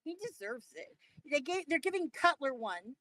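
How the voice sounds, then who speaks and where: High-voiced, swearing woman ranting. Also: moderate pace, dry recording, low-quality recording. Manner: animated, profane ranting. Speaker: podcast co-host. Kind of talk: casual chat.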